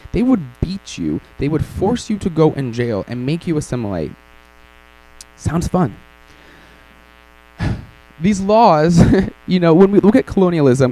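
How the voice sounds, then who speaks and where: A man's voice: medium pitch, dark tone, poor audio. A man presenting a workshop session in a casual, irreverent way, with joking asides and frequent ums. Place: conference session room.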